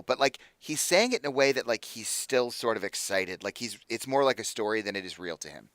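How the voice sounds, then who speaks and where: A man's voice: fairly low pitch, sing-song, fairly quick, hardly any pauses, a bit bright, no room sound. A man narrating as game master in a casual, filler-heavy way.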